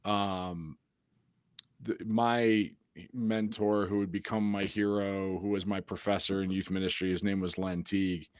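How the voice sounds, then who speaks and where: A man's voice: low voice, unhurried, smooth, no room sound. Man telling stories in a dry room. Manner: storytelling, animated, laughs often. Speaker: youth ministry podcast host. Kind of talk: casual conversation.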